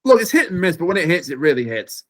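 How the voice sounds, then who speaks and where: A man's voice: a little high, very animated, fast, fairly bright tone. A man hosting a podcast, eagerly recapping a plot in casual chat. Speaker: podcast host.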